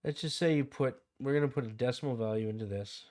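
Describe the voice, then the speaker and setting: A man's voice: medium pitch, quick pace, a little mellow. A young adult man with a Canadian accent hosting a casual game livestream, rambling into side stories and answering chat. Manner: rambling, digresses into anecdotes, reads chat aloud. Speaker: livestream host.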